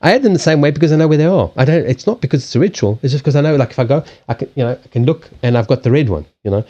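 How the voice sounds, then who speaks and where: Male stream host, rambling and animated, mellow tone, dull lo-fi sound. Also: on the high side, rapid-fire. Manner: rambling, swearing, laughing, with frequent restarts. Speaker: livestream host and card reader. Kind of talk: casual live-stream chat.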